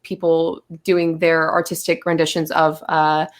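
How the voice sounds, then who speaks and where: A woman's voice: low-pitched, level tone, unhurried. A woman guest on a podcast, telling a long story in casual chat, acting out her own quotes with lots of fillers.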